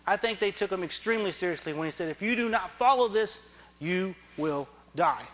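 A man's voice: high voice, animated, a little fast, a little hiss or hum. A man preaching a sermon in church, impassioned and emphatic, acting out the words of biblical figures. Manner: impassioned, rising to loud emphatic peaks; acts out biblical figures in dramatic dialogue.

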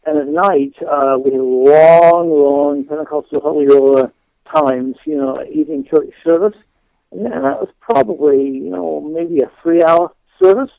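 A man's voice: a little high, vocal fry, dry recording. A man with an English accent, a guest minister telling his story in a chatty, laughing way full of fillers and restarts. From England. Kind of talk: radio interview storytelling. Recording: dry tinny phone line.

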